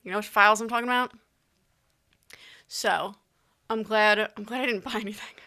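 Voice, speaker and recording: A woman's voice: mid-range voice, fairly even intonation, normal speed, bright, forceful tone. A young woman vlogging in a casual, rambling chat, often restarting her sentences. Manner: chatty, rambling, with frequent restarts and asides.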